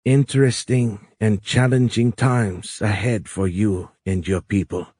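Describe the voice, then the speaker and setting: A man voicing a calm, wise alien woman with a foreign accent, speaking slowly and explaining patiently in an audiobook. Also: fairly low pitch, breathy edge, no echo, studio quality. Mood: tender. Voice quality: foreign accent, soft raised voice. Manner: slow, measured, explanatory.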